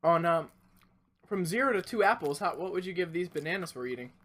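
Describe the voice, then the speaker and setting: A man's voice: a little high, animated, a little fast, a bit bright, a little hiss or hum. A man co-hosting a casual podcast, making dry teasing remarks. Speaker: podcast co-host, teacher. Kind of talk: casual chat while eating.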